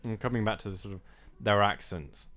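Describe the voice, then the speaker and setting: A man's voice: lowish voice, fairly quick, fairly bright tone. A young man co-hosting a casual film podcast, talking hesitantly with many fillers. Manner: hesitant, many ums and sort ofs. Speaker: podcast co-host.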